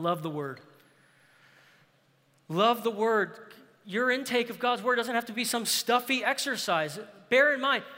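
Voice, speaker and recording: A high, bright-voiced man preaching a sermon, earnest and emphatic, pressing the congregation with rhetorical questions. His voice rings out through a hall with a long reverb trailing behind each phrase. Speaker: pastor.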